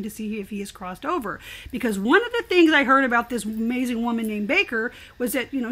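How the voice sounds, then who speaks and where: An older woman, a guest in an interview, telling her story in an animated, expressive way. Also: fairly high pitch.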